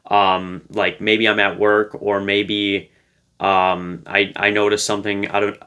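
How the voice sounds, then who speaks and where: Playful, low-voiced man giving casual advice. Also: level tone, slow pace, pushed and bright, clean tone, lo-fi sound. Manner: loose and conversational, full of fillers; playful, light-hearted. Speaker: relationship advice creator. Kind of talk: casual advice talk to camera.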